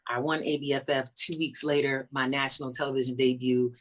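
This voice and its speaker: Over a video call, a woman stand-up comedian chats as an interview guest, telling stories animatedly and acting out the voices of people she quotes. She has a bass voice and talks a little fast.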